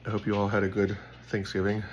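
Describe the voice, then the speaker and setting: Speaking fast and in a monotone, a young man with a lowish voice leads a relaxed Bible devotional over a faint hiss or hum. He tells stories in a meandering way, saying "like" constantly along with other fillers.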